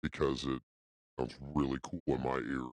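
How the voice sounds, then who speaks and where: A man talking through a deep, robotic voice changer on his podcast mic, delighted with the effect. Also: little pitch movement, moderate pace, a little mellow, dry recording. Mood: playful. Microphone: new podcast microphone.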